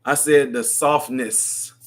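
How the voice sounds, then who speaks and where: A chatty man hosting a livestream, reading out viewer comments and answering them. His pitch sits in a middle range, and he rambles loosely with plenty of laughs. It sounds like relaxed, unscripted talk. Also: takes it slowly. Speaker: livestream host. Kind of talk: casual live chat reading comments.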